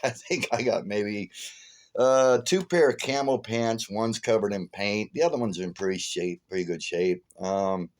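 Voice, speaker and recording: A man vlogging casually, telling a rambling, profane story and flaring up loudly when he retells his anger. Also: lowish voice.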